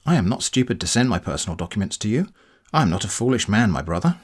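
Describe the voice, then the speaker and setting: A man's voice: on the low side, very animated, fast talker. A man voicing a pushy, testy elderly male bank officer who is running a scam, reading the scam emails aloud. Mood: insistent. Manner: insistent, testy, keeps calling you brother.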